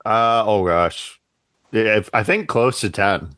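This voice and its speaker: A man's voice: lowish voice, slow pace, fairly bright tone, no echo. A man co-hosting a podcast, recapping an episode in chatty, filler-heavy casual talk. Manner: chatty, filler-heavy, acts out quotes in silly voices. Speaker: podcast co-host.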